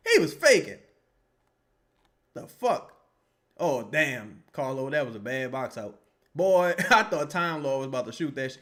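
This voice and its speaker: A man reacting live to a basketball game and reading chat, with loud, profane, exasperated outbursts. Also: a little high, sing-song, moderate pace. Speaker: sports streamer reacting live.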